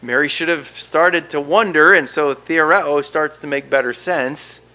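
A middle-aged man delivers a sermon in a bright, forceful voice pitched a little high. He drops to a near-hush for intimate moments, then rises to loud emphasis as he walks through a scripture text. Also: unhurried. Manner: expressive preaching, swinging from hushed to loud. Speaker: pastor.

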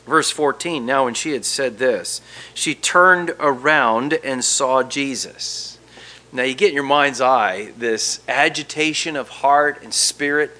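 A man preaching a verse-by-verse sermon with an expressive delivery that swings from emphatic to hushed. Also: fairly high pitch, measured pace.

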